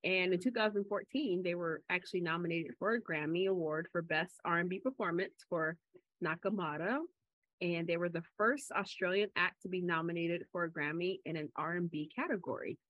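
A woman co-hosting a podcast in casual chat, telling stories in a chatty way and getting animated when she quotes people. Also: lowish voice, a little fast, no echo. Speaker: podcast co-host. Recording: slightly dull lo-fi audio.

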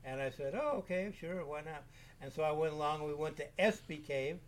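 A man in his seventies, an interview guest, telling rambling caving anecdotes in a relaxed, casual way with frequent restarts. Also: fairly high pitch, a little fast. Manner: rambling, self-repeating anecdotes. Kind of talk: casual storytelling.

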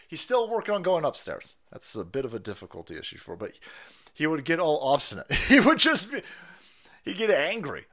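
A man's voice: medium pitch, very animated, a little fast, fairly bright tone. A man hosting a livestream, ranting through profane, mocking political commentary with laughing asides. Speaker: livestream host.

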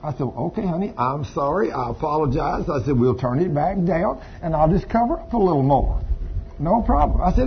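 A man's voice: fairly high pitch, expressive, brisk, a little hiss or hum. A man preaching a sermon, folksy and storytelling, with asides to the congregation. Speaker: pastor. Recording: dull lo-fi sound with faint ambience.

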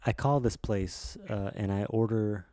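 A man's voice: on the low side, measured pace, dark tone, dry recording, studio quality. A man hosting a casual comedy podcast, telling a long rambling joke with lots of restarts. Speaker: podcast host.

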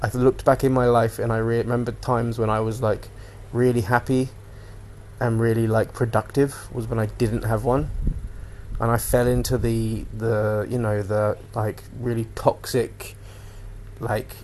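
A young man talks through a casual solo podcast at an ordinary middle pitch. He rambles from one topic to the next and swears casually. A faint noise floor sits under the recording. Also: little pitch movement, measured pace, a little mellow. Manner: rambling, swears freely, jumps between topics. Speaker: podcast host.

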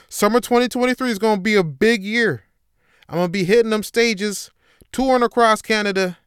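A man hosts his own podcast with a loose, joking, profane monologue. He jumps from loud, hyped bursts to low, mumbled asides. His voice sits a bit high and sounds smooth and clear, close to the mic in a dry space. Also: dry recording. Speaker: podcast host. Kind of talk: rambling comedic monologue.

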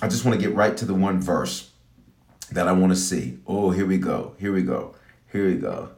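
A man's voice: sits low, expressive, normal speed, a little mellow, echoey room. A man preaching a livestreamed sermon as a bishop, reading scripture aloud and repeating lines for emphasis in a fervent, conversational way.

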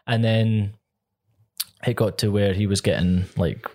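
A man's voice: on the low side, steady tone, unhurried, dark tone. A man with a Scottish accent, co-hosting a podcast and telling a story in an earnest, casual way, often laughing between phrases. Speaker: podcast co-host.

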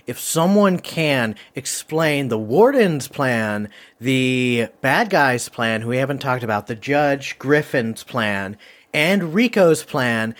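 A man's voice: mid-range voice, expressive, a bit bright. A man hosting a movie review game, talking casually and rambling with many fillers. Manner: rambling, lots of fillers and quick asides. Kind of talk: casual chat.

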